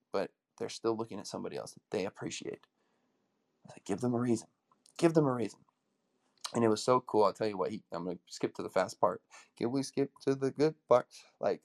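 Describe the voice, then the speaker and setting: Man, coach, motivational talk, rapid delivery, low-pitched, gravelly, energetic storyteller. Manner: energetic storytelling, acts out quoted dialogue.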